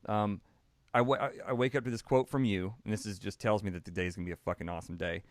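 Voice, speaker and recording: Male host, lowish voice, dry close sound, excitable and profane storyteller. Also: fast talker, no room sound. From Texas. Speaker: podcast host. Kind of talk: casual podcast chat.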